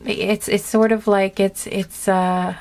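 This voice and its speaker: Woman doing a chill tarot reading, earnest and kinda emotional, lots of um and like, middle pitched voice. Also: little pitch movement, takes it slowly. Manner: gentle, rambling, many fillers and restarts. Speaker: tarot reader. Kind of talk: casual spoken tarot reading.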